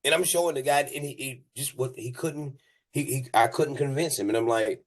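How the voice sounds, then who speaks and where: Animated, profane man telling stories. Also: medium pitch, fairly quick. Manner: animated, profane, laughs mid-story; many restarts and repeated words. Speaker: moving company owner. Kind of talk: casual podcast storytelling.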